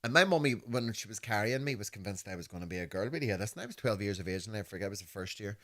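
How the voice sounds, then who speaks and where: A man in his fifties with a Belfast accent, co-hosting a podcast and telling animated, laughing stories that act out voices. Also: on the low side, rapid-fire. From Northern Ireland. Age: 50s. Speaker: podcast host. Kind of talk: casual storytelling chat.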